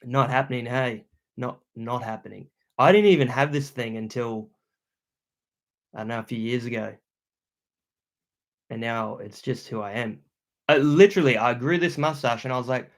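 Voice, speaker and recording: A young adult man with an Australian accent, chatting loudly and casually on a livestream as he reads out viewer comments, full of slang. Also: mid-range voice, fairly even intonation, normal speed, long pauses. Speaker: YouTuber hosting a livestream.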